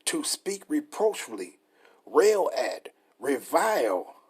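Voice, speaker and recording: Husky-voiced emphatic male preacher. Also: on the high side, very animated, takes it slowly. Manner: emphatic, repetitive, reads definitions aloud. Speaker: street preacher. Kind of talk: scripture study sermon.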